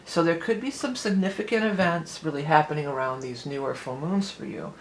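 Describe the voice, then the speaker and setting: A chatty tarot reader with a low voice talks fairly quickly, laying out a reading in a rambling way and laughing lightly as she drifts between tangents. The rough recording echoes around a reflective room over a faint background hiss.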